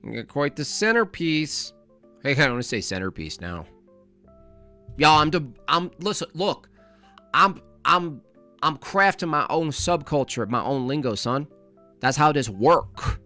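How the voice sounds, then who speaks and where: A male livestream host riffs sarcastically on a clip he is watching. His voice is bright and cutting. His pitch swings around a lot. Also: big pitch swings, a little slow, soft background music. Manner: sarcastic, mocking, rambling. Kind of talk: comedic live commentary.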